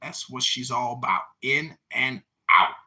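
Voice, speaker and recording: A man hosting a casual chat on a voice-chat app, talking in a low, offhand, mumbling way. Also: a little slow, bright, forceful tone. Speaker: host.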